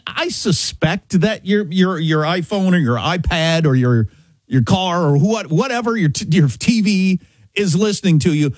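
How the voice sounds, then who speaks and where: A middle-aged talk show host from Kansas, USA tells a story in casual chat, restarting phrases emphatically. His voice is high-pitched, and the recording is dry.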